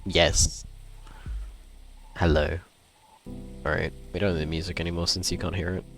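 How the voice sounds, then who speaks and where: A man streaming a game live, chatting playfully and greeting his viewers with excitement. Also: deep voice, normal speed, gravelly, music in the background. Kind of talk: casual livestream chat while gaming.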